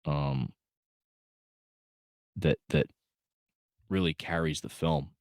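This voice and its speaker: Deep-voiced man, choked up reviewing a film. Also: fairly even intonation, extremely slow, dry recording, studio quality. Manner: rambling, many fillers and restarts, openly emotional. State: choked up, holding back tears. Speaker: movie reviewer. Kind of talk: casual spoken film review.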